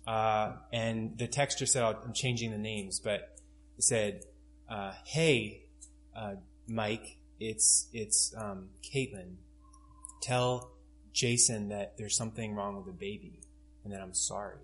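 A man's voice: lowish voice, fairly even intonation, slow pace, slight background noise. A man in his twenties preaching a sermon, telling a personal story in an earnest way with fillers and restarts. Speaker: pastor.

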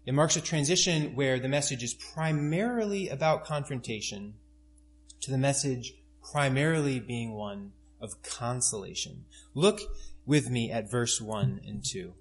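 A man's voice: medium pitch, animated, a little slow, slight background noise. A man in his twenties preaching a sermon, telling a personal story in an earnest way with fillers and restarts. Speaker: pastor.

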